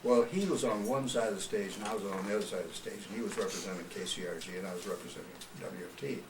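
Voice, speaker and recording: A man's voice: low voice, fairly even intonation, racing. Folksy older man telling stories. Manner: folksy storyteller, chuckles often. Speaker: retired radio personality. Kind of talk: oral history interview. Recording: roomy, distant mic with background noise.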